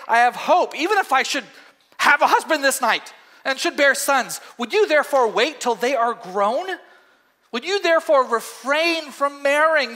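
A man's voice: very high-pitched, bright, forceful tone, pitched above the performer's own voice, heavily acted. A man reading as a pleading old widow. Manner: earnest pleading scripture reading. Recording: echoey hall.

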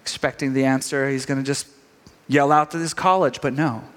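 A middle-aged man preaching a sermon, telling a story with animated quoted voices. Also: mid-range voice, brisk. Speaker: pastor. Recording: long reverb of a large hall.

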